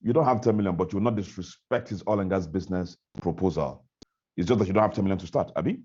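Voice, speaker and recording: A man's voice: deep voice, fast, warm tone, slightly rough, dull audio. A man on a video call, giving a fiery, repetitive motivational talk to his team about his business. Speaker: network marketing trainer.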